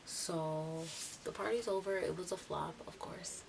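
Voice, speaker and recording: A young woman vlogger telling a casual storytime story in a chatty, lively way, acting out what others said. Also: lowish voice, a little slow, gravelly. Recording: distant mic with steady hiss.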